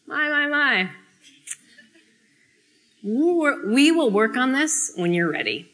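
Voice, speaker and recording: A woman voicing a gentle, loving male Jesus who speaks in a soft, soothing way. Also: very high voice, very animated, slow, pitched above the performer's own voice, heavily acted. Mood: tender.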